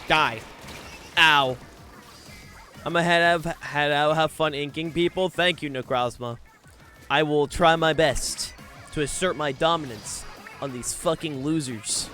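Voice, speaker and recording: Young male game streamer, brash and jokey, a bit high-pitched, casual live chat. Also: unhurried, long pauses, pushed and bright, faint music behind. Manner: brash, joking, swears a lot.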